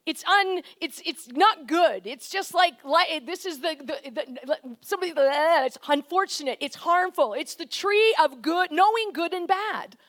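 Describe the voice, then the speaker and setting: A woman preaching a conversational, animated sermon, often shifting into quoted voices. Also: very high voice, unhurried, few pauses.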